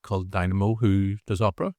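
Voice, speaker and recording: Northern irish guy rambling about movies on a podcast, lowish voice, dead dry mic. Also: quick pace, no room sound. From Northern Ireland. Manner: rambling, restarts, animated asides. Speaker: podcast co-host. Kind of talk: casual movie review chat.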